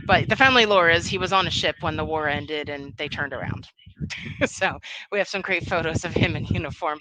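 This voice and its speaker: Chatty, bright-voiced woman speaker. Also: deep voice, a little hiss or hum, low-quality recording. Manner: chatty, rambling, laughs often. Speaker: conference speaker, threat intelligence analyst. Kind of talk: casual storytelling and audience Q&A.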